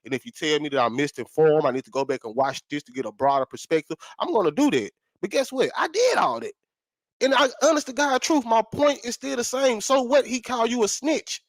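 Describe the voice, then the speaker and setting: A man's voice: very high-pitched, expressive, a little fast, no echo. A man co-hosting a casual talk show, blunt and profane, repeating points for emphasis. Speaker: podcast co-host.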